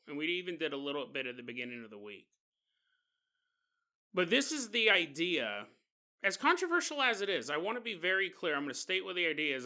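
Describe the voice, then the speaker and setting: A man hosting a podcast, telling a story in an animated, jokey way. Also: on the high side. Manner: animated and jokey, often laughing. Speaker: podcast host. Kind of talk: comedic storytelling.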